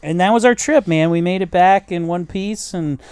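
A man telling stories in casual chat, animated, swearing freely and acting out other people's voices. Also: sits high, normal speed, clear, resonant tone. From United States.

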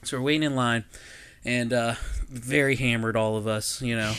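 A young man telling stories in casual chat, animated and laughing, shouting out the lines he quotes. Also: mid-range voice, moderate pace, clean tone. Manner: animated storyteller, mimics others in loud shouts, laughs often.

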